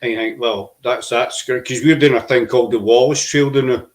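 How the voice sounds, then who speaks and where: A middle-aged Glaswegian man from Scotland hosts a casual podcast chat, telling rambling stories full of restarts and local slang. His voice is medium-pitched with fairly even intonation and a normal speed, and the recording is rough.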